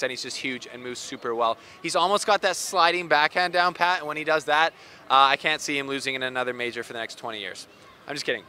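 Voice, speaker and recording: A man's voice: medium pitch, sharp tone, slight background noise. A man hosting a tennis show, chatting casually and joking as he walks around outdoors. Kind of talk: casual vlog chat.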